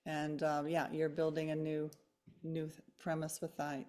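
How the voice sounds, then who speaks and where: A woman's voice: sits low, completely flat delivery, unhurried, dark tone. A middle-aged woman hosting an online workshop, talking enthusiastically and laughing often as she tells stories. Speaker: host.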